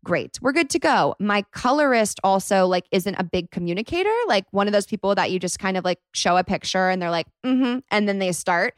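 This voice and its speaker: A woman's voice: mid-range voice, fairly quick, hardly any pauses, no room sound. Young woman, twenties, podcast host, chatty storyteller, dry close mic. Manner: rambling, animated retelling full of "like". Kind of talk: casual storytime monologue.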